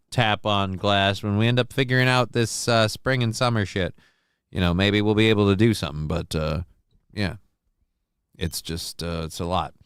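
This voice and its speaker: A man hosting a live talk show, rambling and joking, with loud bits and quiet asides. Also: on the low side, smooth, no room sound, clean studio sound. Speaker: show host. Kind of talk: casual live-show chat.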